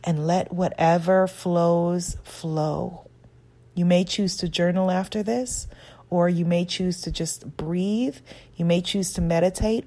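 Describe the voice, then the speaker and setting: A woman's voice: lowish voice, creaky, warm tone. A woman self-help author giving an earnest, encouraging guided talk on self-acceptance.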